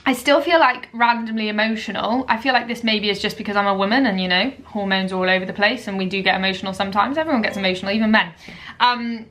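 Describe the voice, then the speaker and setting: A young woman, a dressage rider, talking candidly to her vlog camera, open and hesitant with many pauses. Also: medium pitch, fairly bright tone.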